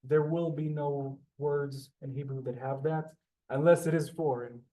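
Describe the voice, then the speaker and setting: A man's voice: on the high side, steady tone, measured pace, mellow. A man from Israel teaching a Hebrew class, explaining patiently step by step and answering students politely. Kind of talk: classroom lesson over video call.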